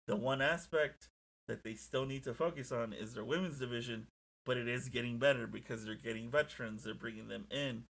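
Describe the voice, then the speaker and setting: Excitable, profane young man. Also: mid-range voice, gravelly. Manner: excitable, profane, animated storytelling. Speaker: podcast co-host. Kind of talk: casual chat.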